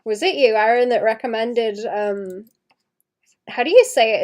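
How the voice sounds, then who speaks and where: A woman's voice: fairly high pitch, expressive, unhurried, a little mellow. Chatty Welsh woman streaming her art. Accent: light Welsh. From Wales. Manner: chatty, rambling, laughs often. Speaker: illustrator streaming live. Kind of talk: casual livestream chat while drawing.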